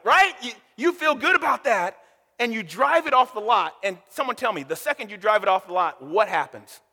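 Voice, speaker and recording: A man with a high, bright, forceful voice preaching a sermon, emphatic and fond of rhetorical questions. He often trips over and repeats words as he goes. His voice rings with the long reverb of a large hall. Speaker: pastor.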